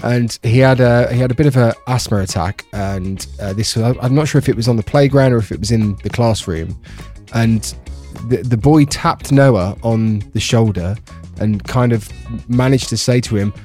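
A man co-hosting a podcast from a bedroom at home, chatting casually and telling stories with lively pitch jumps. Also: normal speed, soft background music. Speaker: podcast co-host. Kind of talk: casual chat.

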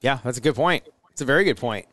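Man co-host, dry wit, lively intonation, close dry mic. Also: mid-range voice, fast talker, no echo. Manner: dry joking, animated storytelling. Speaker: podcast co-host. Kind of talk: casual chat.

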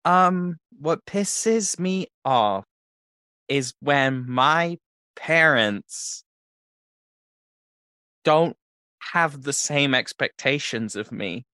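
Guy doing a shy little kid, halting and soft, dry close mic. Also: sits high, no room sound. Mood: timid. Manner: hesitant, halting, soft-spoken. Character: timid young boy, eager and scattered. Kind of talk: improv comedy scene.

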